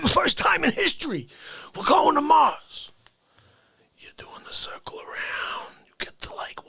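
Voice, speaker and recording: A man playing an indignant, easily offended Bronx man in an improvised comedy rant, lurching between shouts and whispers. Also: medium pitch, vocal fry, slightly rough, voice pushed down, exaggerated voice.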